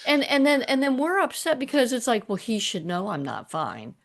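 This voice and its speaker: A woman's voice: on the high side, huge pitch swings, moderate pace, gravelly. A woman co-hosting a podcast in casual chat, making short interjections and quoting herself with animation. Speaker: co-host.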